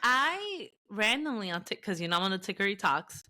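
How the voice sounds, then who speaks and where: A woman co-hosting a podcast, chatting casually and telling animated stories with lots of laughter. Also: mid-range voice, brisk. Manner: animated storyteller who laughs often. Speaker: podcast co-host. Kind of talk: casual chat.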